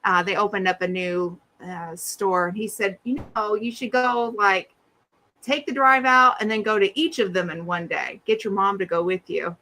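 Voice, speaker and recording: Bright, animated middle-aged woman storyteller. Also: mid-range voice, moderate pace. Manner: animated, acts out quoted voices. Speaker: podcast co-host. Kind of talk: casual storytelling chat.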